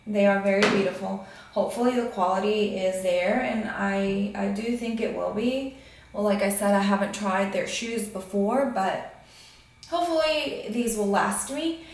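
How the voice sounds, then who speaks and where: A woman talking through an unboxing vlog in a casual, annoyed, complaining way, with many fillers. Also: mid-range voice. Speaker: vlogger. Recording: very echoey room, voice from a distance.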